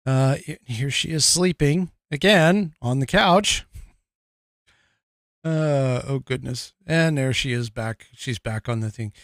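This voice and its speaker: A man hosts a podcast with a medium-pitched voice, speaking slowly and casually, rambling with plenty of fillers and restarts and chuckling often. The recording is clean studio sound with no echo.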